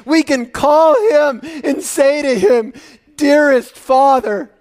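A man in his fifties preaching a sermon, moving from soft, intimate talk to loud, exclaiming passages, often laughing. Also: extremely high pitch, takes it slowly. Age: 50s.

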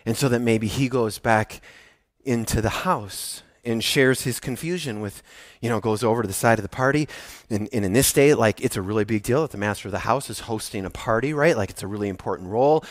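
A male pastor preaching an animated sermon, swinging from hushed tones to loud emphasis as he tells a story. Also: mid-range voice, a little fast, dry recording, clean studio sound.

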